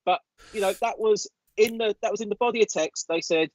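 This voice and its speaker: A man co-hosting a casual podcast, talking in a relaxed, conversational way with a mildly indignant edge. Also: high voice, a little fast, no echo, lo-fi sound. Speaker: podcast co-host.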